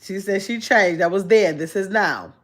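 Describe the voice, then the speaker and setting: A middle-aged woman hosting a casual livestream, chatting easily and reading viewer comments aloud with frequent pauses to look. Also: mid-range voice, fairly bright tone. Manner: chatty and easygoing, with frequent "let me see" pauses while reading. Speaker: channel host.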